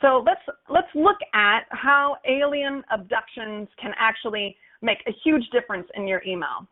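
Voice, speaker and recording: Woman, higher voice, upbeat lesson, animated, playful examples, tinny phone-like sound. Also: normal speed. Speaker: marketing instructor for golf courses. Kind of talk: webinar lesson on copywriting.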